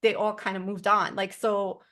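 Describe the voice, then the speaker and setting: A woman telling spiritual stories in a loose, rambling way, with "like" dropped into nearly every sentence. She speaks earnestly, at a middle pitch, in a relaxed group-sharing tone. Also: normal speed. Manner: rambling, heavy use of "like" fillers. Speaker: support group member.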